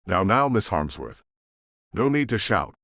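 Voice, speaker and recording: A man voicing a gentle young woman manager with a Southern US accent. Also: fairly low pitch, sing-song, measured pace, vocal fry, dry recording, clean studio sound, heavily acted. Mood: soothing. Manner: soothing, gentle.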